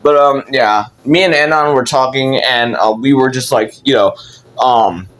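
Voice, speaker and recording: A man's voice: medium pitch, measured pace, fairly bright tone. A young man telling a childhood story in casual, rambling storytelling, with lots of fillers and swearing.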